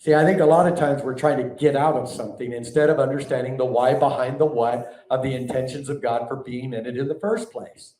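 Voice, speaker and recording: A man preaching a sermon to a live audience, animated and conversational, often asking the room questions. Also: medium pitch, a little fast, hardly any pauses. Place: large hall before a live audience. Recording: echoey hall, mic at a distance.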